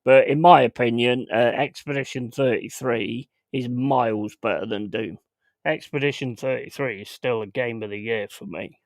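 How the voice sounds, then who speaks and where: A man's voice: medium pitch, moderate pace, dry recording. Male streamer, blunt and sweary, casual rant, dry close sound. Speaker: streamer host. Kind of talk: casual livestream chat. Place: home.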